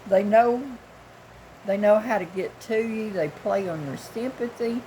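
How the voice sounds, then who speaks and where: A woman's voice: mid-range voice, measured pace, warm tone, a little hiss or hum, rough recording. A woman in her sixties from the United States, telling a story in a casual, blunt, folksy way with occasional chuckles. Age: 60s. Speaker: vlogger.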